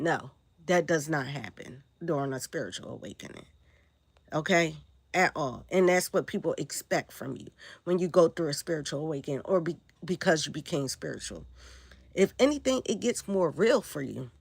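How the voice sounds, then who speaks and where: Gravelly woman rambling on a livestream. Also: sits low, lively intonation, moderate pace, no echo. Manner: rambling, answers viewer comments. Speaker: spiritual livestream host. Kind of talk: casual livestream talk.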